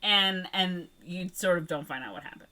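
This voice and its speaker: A woman's voice: on the low side, moderate pace, sharp tone. A young woman co-hosting a podcast, casually retelling a movie plot with lots of fillers and playful quoted voices. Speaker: podcast co-host. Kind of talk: casual movie recap chat.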